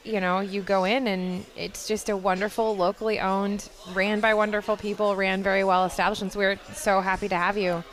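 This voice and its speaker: A woman's voice: mid-range voice, little pitch movement. A woman co-hosting a local food podcast, upbeat and chatty as she talks with guests. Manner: upbeat, chatty, quick to laugh along. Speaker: podcast co-host. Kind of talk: casual interview chat.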